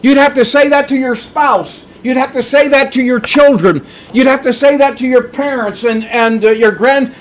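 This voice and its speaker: A man's voice: extremely high pitch, steady tone, normal speed, hardly any pauses. A middle-aged man preaching a sermon, earnest and emphatic, repeating his key points. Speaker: pastor.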